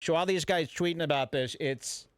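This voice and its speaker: A man hosting a radio show, ranting in a brash, mock-serious and deliberately offensive way. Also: on the high side, smooth, no echo, studio quality. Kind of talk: provocative comedic talk radio rant.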